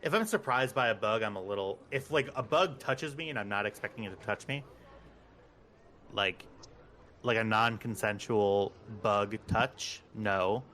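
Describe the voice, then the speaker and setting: A man chatting casually and then narrating as game master, rambling and animated with many fillers. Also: fairly low pitch, unhurried, a little hiss or hum.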